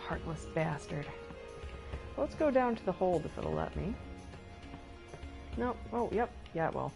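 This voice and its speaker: A woman streaming a video game, easing through her commentary at an unhurried pace. Her voice sits a little low, and she chats, giggles and talks back to the game. Faint game music plays behind her. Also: lively intonation, creaky. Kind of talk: casual let's-play commentary.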